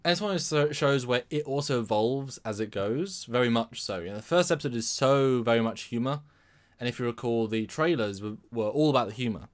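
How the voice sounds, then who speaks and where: A man's voice: mid-range voice, animated, brisk. A man co-hosting a casual live stream, talking in a rambling way and often restarting his sentences. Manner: rambling, with many restarts and repeated words. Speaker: livestream co-host.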